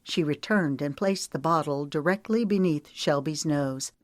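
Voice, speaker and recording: Woman audiobook narrator, low register, measured, very dry booth sound. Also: no room sound.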